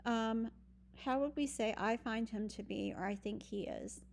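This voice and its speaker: A woman's voice: fairly high pitch, expressive, a little slow, vocal fry, very noisy. A woman teaching a recorded online French lesson, patient and explaining step by step with frequent ums. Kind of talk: recorded virtual lesson walkthrough.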